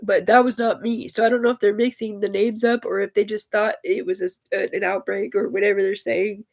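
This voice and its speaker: A woman's voice: medium pitch, flat delivery, fairly quick. A woman livestreaming, telling a personal story in a rambling, profane way that often turns emotional.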